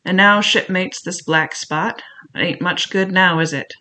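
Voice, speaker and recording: A man's voice: sits high, unhurried, bright, forceful tone, exaggerated voice. Long John Silver, as a man puts him on. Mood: gloating. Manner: wheedling then bullying, rough sailor talk. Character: cunning one-legged male pirate cook, scheming. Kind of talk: audiobook character voice.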